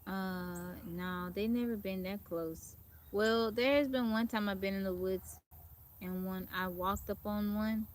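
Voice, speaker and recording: This woman hosts a casual live stream from a forest, chatting with viewers, naming them as she greets them and reading their comments. Her voice is medium-pitched with fairly even intonation, and she takes an unhurried pace.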